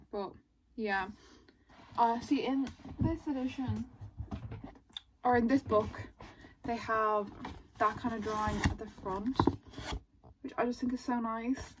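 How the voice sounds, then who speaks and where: A woman chatting casually in a book vlog, excitable and gushing, with exasperated asides. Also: fairly high pitch, a little hiss or hum, low-quality recording. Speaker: book vlogger.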